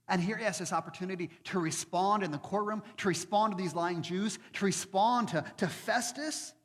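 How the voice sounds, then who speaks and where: A male pastor preaching a sermon, animated, acting out the people in his story. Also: a little high. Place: church hall. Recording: long hall reverb.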